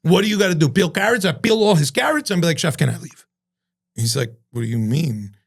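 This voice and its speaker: A man, a chef being interviewed, telling profane, animated stories and acting out the voices of other people. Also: fairly high pitch, fast, gravelly, slightly rough. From Cuban-American from New Jersey. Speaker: chef and entrepreneur, podcast guest. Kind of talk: casual storytelling interview.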